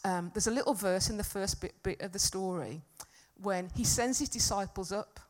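A woman preaching a sermon to a congregation, earnest and emphatic, swinging from loud peaks to soft, quiet stretches. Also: mid-range voice, moderate pace. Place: church hall with congregation.

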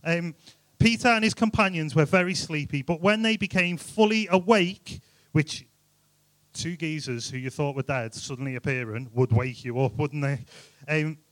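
A man's voice: a little high, moderate pace, fairly bright tone, no room sound. A man giving an informal, jokey youth sermon, full of rhetorical questions. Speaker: youth speaker.

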